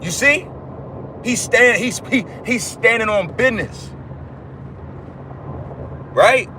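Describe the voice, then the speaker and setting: A man's voice: sits high, animated, slow pace, bright, forceful tone, a little hiss or hum, poor audio. A man giving an informal livestream sermon, emphatic and repetitive, swearing casually as he preaches.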